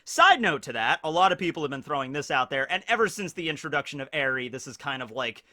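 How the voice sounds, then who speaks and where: A man gives casual anime review commentary in a fairly high, bright voice. He talks with lots of energy and chuckles now and then as he works through his points. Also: very animated, fast.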